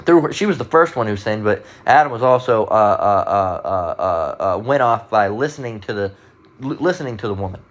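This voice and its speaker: Male street-style Bible teacher, blunt and profane, reads verses slowly and pointedly. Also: on the low side, animated. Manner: emphatic, profane, keeps asking "all right?"; reads scripture slowly, stressing words. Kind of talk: casual bible lesson.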